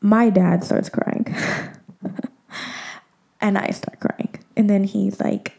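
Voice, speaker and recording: A woman's voice: mid-range voice, fairly even intonation, unhurried, gravelly, dark tone. A young woman in her twenties chatting candidly to her viewers, full of "like" and "um" fillers. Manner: candid and emotional. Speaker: vlogger. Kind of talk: casual chat to viewers.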